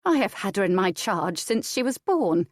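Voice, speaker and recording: A woman's voice: mid-range voice, big pitch swings, moderate pace, no echo, clean studio sound. A woman doing a grumbling old nursemaid. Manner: grumbling, complaining. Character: old fussy female servant, grumbling, protective.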